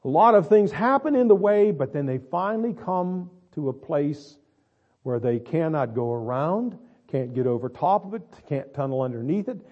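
A male pastor preaching a sermon, swinging between quiet asides and drawn-out, emphatic lines. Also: fairly high pitch, lively intonation, lo-fi sound. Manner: dramatic, swings between quiet and loud, stretches words.

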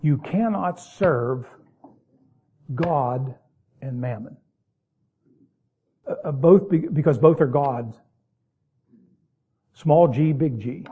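In narrow, tinny audio, a man delivers a sermon, reading King James verses and unpacking them in folksy, plain-spoken asides while occasionally slowing words down for emphasis. His mid-range voice carries a breathy edge.

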